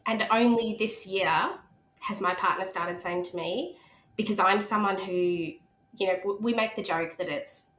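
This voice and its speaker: A woman in her thirties chats as a guest on a podcast. She tells lively stories and acts out the people she quotes. Her voice carries a noticeable echo from the room. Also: mid-range voice, unhurried, a little hiss or hum. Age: 30s. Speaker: guest speech pathologist. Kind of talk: casual podcast chat.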